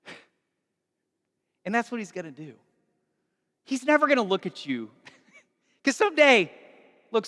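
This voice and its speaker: A man preaching a sermon, animated and acting out dialogue, moving from hushed lines to shouts. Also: high-pitched, in a large hall. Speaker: pastor.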